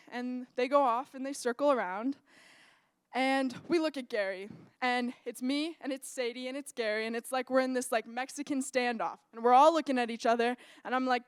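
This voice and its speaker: A young woman telling a personal story in a lively, animated way that builds suspense. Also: a little high, fairly quick, clean tone, no room sound, clean studio sound. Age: young adult.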